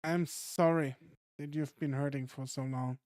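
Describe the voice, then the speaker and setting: Drayden is a calm, earnest caretaker who soothes rather than scolds, as a man reads him. His voice is smooth and clear, taken slowly, and sits close and dry on the mic. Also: a little high, no echo, voice pushed down, natural voice. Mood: soothing. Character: gentle, protective adult male caretaker in a fight league.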